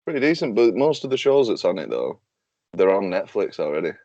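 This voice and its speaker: A man's voice: lowish voice, sing-song, fairly quick, a little mellow, dry recording, dull audio. A man hosting a casual podcast chat, loose, sweary and joking. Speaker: podcast host.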